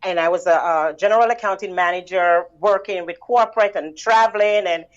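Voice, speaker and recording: A woman's voice: on the low side, brisk, dull audio. A woman from the Caribbean, a bookkeeping business owner, telling her story in a casual interview, with many "you know"s and laughs.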